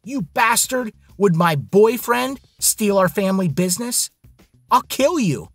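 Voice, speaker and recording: A man's voice: a little high, big pitch swings, a little slow, a bit bright, breathy edge, no room sound, faint music behind, voice pushed up, exaggerated voice. A man voicing an indignant young heiress. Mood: furious. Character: angry proud young woman heiress.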